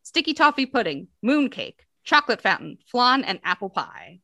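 Bright, chatty American woman co-host. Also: a little high, moderate pace, creaky, dry recording, clean studio sound. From United States. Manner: chatty, reads lists out with lively rises. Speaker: podcast co-host. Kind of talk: casual chat.

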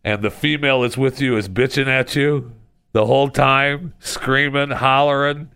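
A man filling in as a talk radio host, telling stories in an animated way and chuckling often. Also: medium pitch, normal speed, vocal fry, smooth, no room sound, clean studio sound.

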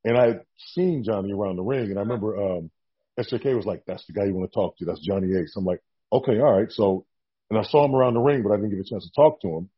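A man telling a long story in a casual interview, animated and acting out what people said. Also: on the low side, fast talker, breathy edge, highs cut off. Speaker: guest, former wrestler.

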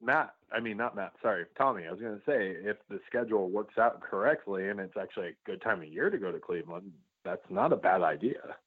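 A man's voice: on the low side, animated, a little fast, breathy edge, no echo. A man co-hosting a podcast, chatting casually in a blunt, teasing way. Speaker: podcast co-host. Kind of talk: casual chat. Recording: tinny phone-like line.

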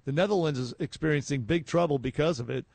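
Gravelly talk-radio man, dry studio. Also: fairly high pitch, fast talker, darkish tone, no echo. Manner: emphatic, often restarts with fillers. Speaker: radio host.

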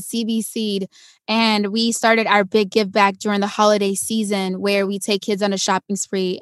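A young adult woman, an actress and stuntwoman, telling her story in a casual interview and acting out quoted voices with big jumps in pitch. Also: no room sound, studio quality.

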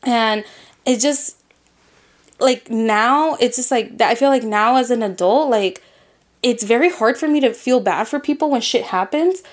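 A woman co-hosting a casual podcast chat, telling stories in an animated way with lots of fillers and casual swearing. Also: a little high, unhurried. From grew up in a Latino immigrant family in the US. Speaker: podcast co-host.

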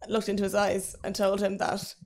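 A woman's voice: mid-range voice, completely flat delivery, moderate pace, creaky, a little mellow. An English woman co-hosting a casual true-crime podcast, giving wry, playful reactions. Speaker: podcast co-host.

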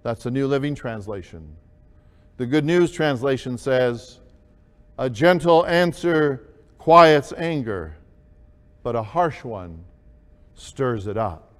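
A man preaching a sermon, slow and deliberate, with emphatic rises on key words. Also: medium pitch, animated, in a large hall. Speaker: pastor.

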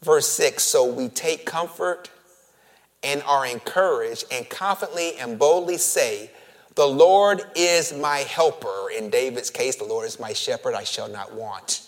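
A man preaching a sermon, moving from hushed, whispered lines to loud, emphatic calls, stretching words for emphasis and calling his listeners family. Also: mid-range voice, unhurried. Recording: long reverb of a large hall.

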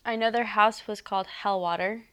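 A woman co-hosting a podcast, talking in a relaxed, conversational way with a playful, teasing edge. Her voice sits at a medium pitch. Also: a little fast, smooth. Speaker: podcast co-host. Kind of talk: casual chat about a TV show.

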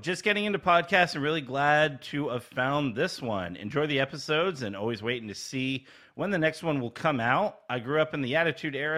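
Co-hosting a laid-back podcast, this man speaks in a slightly high, sharp-toned voice. He tells stories with energy, laughing and performing the lines he quotes.

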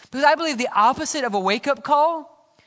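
Male pastor, middle-aged, sermon, high voice, dynamic then hushed delivery, long church reverb. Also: expressive, brisk. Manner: dynamic preaching, drops to soft low tones on key lines. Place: church sanctuary.

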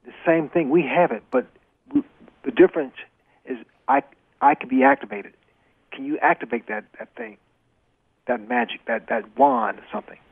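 Gravelly man on a tinny phone line. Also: fairly high pitch, big pitch swings, normal speed, long pauses, dry recording. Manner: earnest, repeats phrases for emphasis. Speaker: retired boxer, guest. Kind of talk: interview storytelling.

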